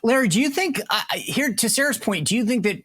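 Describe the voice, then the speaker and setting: High-pitched, animated male talk host. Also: slightly rough, no room sound, studio quality. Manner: animated, acts out imagined retorts; drawn-out, digressive phrasing with frequent restarts. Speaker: show host. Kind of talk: political talk show discussion.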